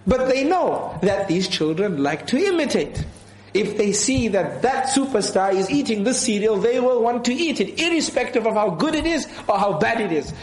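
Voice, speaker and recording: A man's voice: sits high, echoey room, poor audio. A man giving an earnest sermon as a preacher, repeating his key points and quoting scripture.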